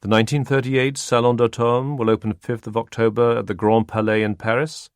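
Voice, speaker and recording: A man's voice: mid-range voice, flat delivery, fairly quick, clear, resonant tone, no echo, clean studio sound, close to an everyday voice. A man voicing a male ship's announcer in an audiobook, reading formal notices.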